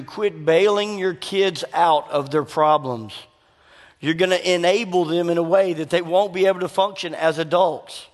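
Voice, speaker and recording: A middle-aged man, preaching a sermon full of folksy personal stories and questions to the congregation. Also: a little high. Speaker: pastor. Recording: long hall reverb.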